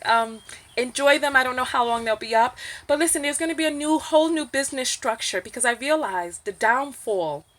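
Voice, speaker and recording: In an opinion vlog, a woman with a New York accent speaks candidly to the camera, her high voice moving fairly quickly. She's emphatic and animated, and when something makes her indignant she rises almost to a shout.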